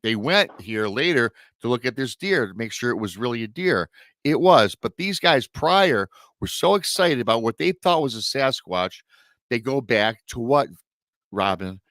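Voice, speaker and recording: A man hosting a podcast, retelling a story in an animated, excitable way. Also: medium pitch, moderate pace, no room sound. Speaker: podcast host. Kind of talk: casual chat.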